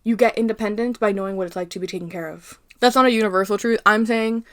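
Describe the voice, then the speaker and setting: A young woman from Arizona hosting a casual book commentary, ranting in an animated, heated way with plenty of swearing. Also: medium pitch, quick pace.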